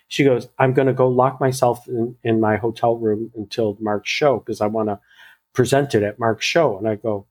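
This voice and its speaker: This hairstylist has a mid-range voice and a normal pace. Recounting a story in a relaxed interview, he plays both parties in the dialogue himself and keeps restarting and dropping "you know" fillers.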